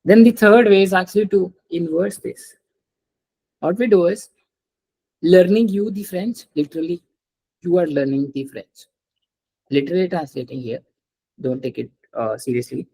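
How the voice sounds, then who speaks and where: A French teacher leads a live online lesson with a warm, mid-range voice that has a breathy edge, moving at a moderate pace with long pauses. Each example gets repeated, the explanation proceeds step by step, and the teacher checks in often on the student's understanding. Audio quality is poor.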